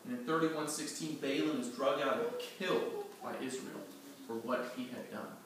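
Animated man teaching a Bible lesson. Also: mid-range voice, normal speed. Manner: animated, acts out scenes, quizzes listeners. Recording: echoey room, distant mic, faint noise.

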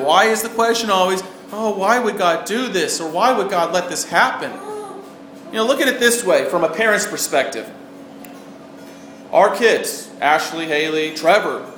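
A man's voice: on the high side, a bit bright. A man preaching a sermon in an earnest way, asking the listeners questions as he goes. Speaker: pastor. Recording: roomy echo with faint background noise.

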